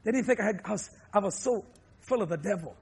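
High-voiced Cajun preacher, shouting then chuckling. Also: male voice, expressive, fast, breathy edge. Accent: Cajun, Louisiana. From New Orleans, Louisiana. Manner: shouts emphatic lines, then drops low and chuckles through stories. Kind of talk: sermon with humorous storytelling.

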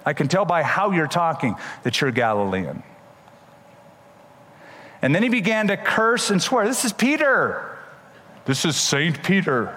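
Male pastor, somewhat high voice, emphatic sermon delivery, long hall reverb. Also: a little slow, long pauses. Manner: animated, emphatic Bible storytelling.

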